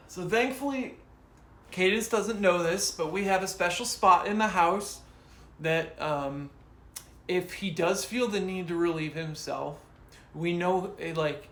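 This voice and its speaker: A man chatting casually on a live stream from his home, slow and hesitant with many fillers. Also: high voice, a bit bright. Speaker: streamer and musician. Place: home room. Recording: roomy echo, faint room noise.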